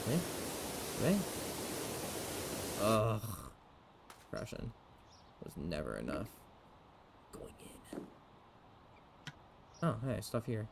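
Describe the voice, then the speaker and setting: A young man streaming a game, muttering to himself, swearing casually and jumping into squeaky outbursts. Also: extremely slow, vocal fry, long pauses. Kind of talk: casual gameplay commentary. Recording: steady background hiss.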